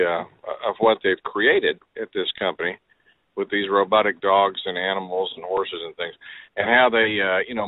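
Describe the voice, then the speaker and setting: A man's voice: lowish voice, no echo. Earnest male caller on a phone line. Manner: earnest, detailed, builds his points at length. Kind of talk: call-in talk.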